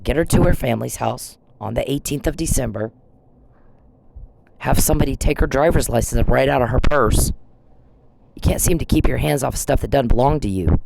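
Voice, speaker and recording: A man's voice: medium pitch, moderate pace, vocal fry, a little mellow, slight background noise, poor audio. A man vlogging, speaking in a confrontational, accusing way straight to someone he blames. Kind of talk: monologue video addressing an absent person.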